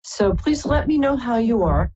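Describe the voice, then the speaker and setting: Warm and husky, with a fairly high pitch and lively intonation, this psychic radio host from Brooklyn, New York speaks at a normal speed. She runs a live call-in reading in a chatty, affectionate way, addressing callers as darling and sweetheart. The highs are cut off in the audio.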